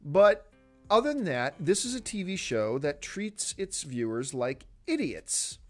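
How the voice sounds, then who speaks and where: Exasperated man ranting with lively swings. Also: a little high, unhurried, soft background music. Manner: exasperated, emphatic, sarcastic. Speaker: host. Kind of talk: opinion rant.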